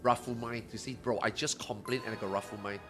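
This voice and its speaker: A man streaming games live, chatting casually and ranting with lots of swearing, getting loud when worked up. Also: lowish voice, steady tone, fast talker, soft background music. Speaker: gaming streamer.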